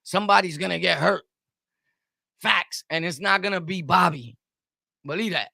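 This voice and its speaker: A streamer from Brooklyn, New York, with a Brooklyn accent, rants heatedly at his chat during a live stream, answering them combatively and repeating his points over and over. His voice is high, bright, and forceful with vocal fry, at normal speed in clean studio sound without room noise.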